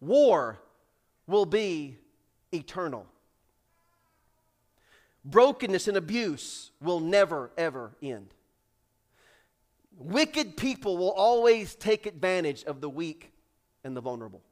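A man preaching a sermon in church, swinging between loud, acted-out build-ups and hushed, slow drops, and repeating phrases for emphasis. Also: high-pitched, sing-song. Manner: acts out characters in raised voices. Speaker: pastor. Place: church sanctuary.

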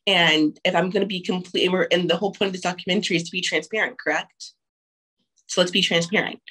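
A woman's voice: on the low side, fairly even intonation, fast, sharp tone, slightly rough, low-quality recording. A young woman telling her own abortion story frankly and candidly, with frequent restarts and casual swearing.

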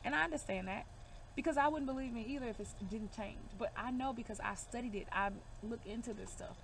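A woman's voice: a little high, fast talker, gravelly, slight background noise. A woman giving a casual card reading to camera, emphatic and reassuring, calling her viewers y'all and baby. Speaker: divination reader.

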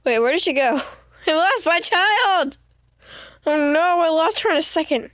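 A woman streaming a video game, chatting to herself in a giggly way and breaking into excited squeals. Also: extremely high pitch, measured pace, no room sound. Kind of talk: casual let's-play commentary.

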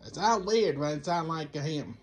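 A gameplay commentator with a fairly high voice and lively intonation rambles at a moderate pace through a let's-play. He talks to himself and the game, keeps lapsing into a Count Dracula-style voice, and scolds himself each time.

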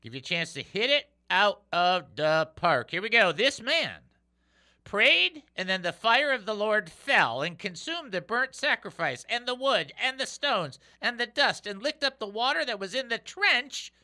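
A man's voice: sits high, a little slow. A man hosting a call-in radio show, joking around and reading Bible verses aloud. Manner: animated and joking, reads scripture aloud. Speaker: radio host.

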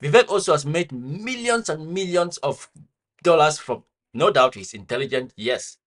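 A man commenting critically on public figures between clips, pausing to search for words. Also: on the high side, lively intonation, fairly bright tone. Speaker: commentary host.

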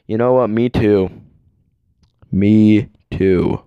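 A man's voice: fairly low pitch, huge pitch swings, extremely slow, warm tone, clear, resonant tone, no room sound, studio quality. A man giving goofy joking commentary over a movie, breaking into silly sing-song bits. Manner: goofy, sings nursery rhymes. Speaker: fan dubber. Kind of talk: jokey commentary.

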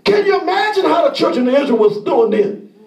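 A man preaching a sermon as pastor, impassioned and often shouting, acting out the pleas of the people he describes. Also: extremely high pitch, very animated, brisk, vocal fry, roomy sound, distant mic.

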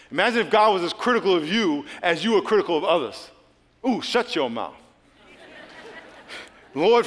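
Animated preacher in a big echoing hall. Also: male voice, high voice. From United States. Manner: animated preaching, swinging from loud to hushed prayer. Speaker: pastor. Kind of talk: sermon. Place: large church hall. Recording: long hall reverb.

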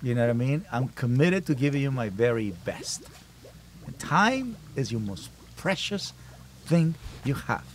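A man's voice: medium pitch, big pitch swings, a little slow, slight background noise. Emphatic man talking as a podcast host. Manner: emphatic, repeats phrases while building a point. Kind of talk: casual family podcast chat.

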